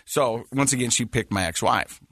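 A man in his forties hosting a podcast, telling family stories in a casual, animated way and laughing at his own jokes. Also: medium pitch, moderate pace, dry recording, clean studio sound. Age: 40s. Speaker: podcast host.

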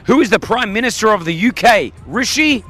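A man's voice: high-pitched, animated, bright, forceful tone, faint music behind. A man hosting a radio breakfast show, chatty and punning as he runs a quiz with a caller. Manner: chatty, jokey, quick with puns. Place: radio broadcast set up in a museum.

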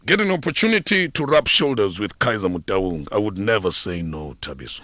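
A middle-aged South African man recounts his career as an interview guest, his voice rising and falling with a lively, expressive swing. The sound is dry and close but slightly dull and muffled. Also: on the low side, fairly quick, dry recording. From Eastern Cape, South Africa. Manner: animated, expressive storyteller. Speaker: guest, former football club PR officer. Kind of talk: radio interview storytelling.

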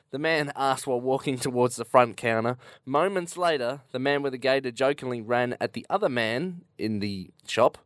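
A man's voice: medium pitch, moderate pace, few pauses, fairly bright tone, dry recording, clean studio sound. A man co-hosting a podcast, reading out odd news stories and laughing along. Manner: good-humoured, laughs along, reads stories aloud.

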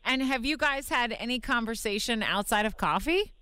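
A woman's voice: fairly high pitch, expressive, normal speed, sharp tone, smooth, no echo. A woman co-hosting a radio show, upbeat and friendly in casual chat. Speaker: radio host. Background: music.

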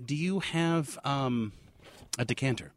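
A man's voice: mid-range voice, measured pace, no room sound, clean studio sound. A man chatting as a guest, effusive and playful, theatrical in his delivery. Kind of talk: casual chat.

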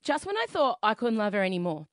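A woman's voice: medium pitch, big pitch swings, quick pace, no echo, studio quality. An Australian woman hosting a radio show, bubbly and gushing, laughing often in casual banter. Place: radio studio.

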